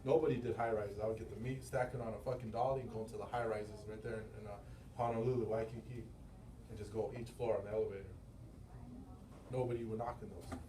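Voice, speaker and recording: Middle-aged male sales boss, loud storyteller, room echo, mic off at a distance. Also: fairly low pitch, quick pace, slight background noise. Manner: animated storytelling, acting out quotes; loose, profane, laughing often. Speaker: sales manager and business owner. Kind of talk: motivational team meeting talk. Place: meeting room. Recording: roomy, from far off the mic.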